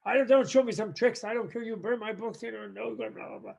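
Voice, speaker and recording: A man doing a shrill, furious young scholar. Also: steady tone, brisk, creaky, darkish tone, husky, heavily acted. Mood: sulking. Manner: shrill ranting outbursts. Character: furious young male scholar, indignant and whiny. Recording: dull lo-fi sound.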